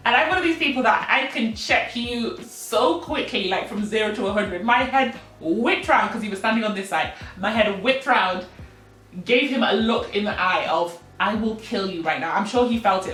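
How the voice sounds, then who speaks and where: A Kenyan woman vlogger telling a personal story to camera in a casual, animated way, acting out what people said with sudden jumps in pitch and bursts of laughter. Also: echoey room.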